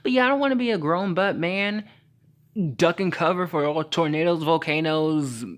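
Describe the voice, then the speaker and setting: A young man in his teens hosting a late-night solo podcast, rambling sassily, peppering every phrase with "like" and "honey", stumbling over his words with caffeine jitters and jumping into high, squealing mock-outrage. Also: normal speed, fairly bright tone. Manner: sassy, rambling, heavy use of "like" and "honey".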